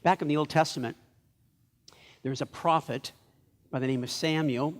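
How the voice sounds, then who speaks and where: A man preaching a sermon as pastor of a church, telling stories in a lively way and acting out the lines of the people in them. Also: on the high side, moderate pace.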